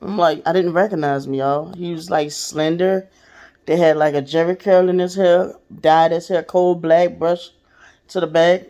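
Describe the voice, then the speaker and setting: A podcast host speaks in a low, mellow voice with a steady tone and normal speed. She talks directly to her listeners, sharing a personal story in a candid, casual way that's full of profanity.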